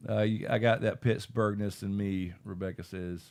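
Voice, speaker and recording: A man's voice: on the low side, steady tone, normal speed, gravelly, darkish tone. A man co-hosting a live stream, reading chat in casual talk, laid-back, swearing and laughing often.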